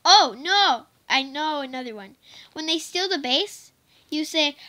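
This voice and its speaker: A woman's voice: high voice, expressive, a little slow, sharp tone. A female vlogger chatting casually to the camera, giggly and apologetic, rambling with lots of fillers. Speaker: vlogger teaching softball cheers.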